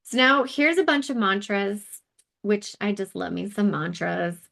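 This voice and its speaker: A woman's voice: medium pitch, lively intonation, a little slow, creaky, bright, forceful tone. A woman hosting a casual live wellness session, talking in a chatty, candid way with asides and fillers.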